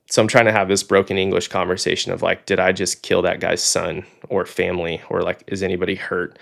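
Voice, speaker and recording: A man's voice: low-pitched, creaky. A young man from Oklahoma, a fighter pilot guest on a podcast, telling a story in a casual way. He acts out the people he quotes and fills his talk with "like" and "um.". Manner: animated storyteller, acts out quoted dialogue, frequent "like" and "um".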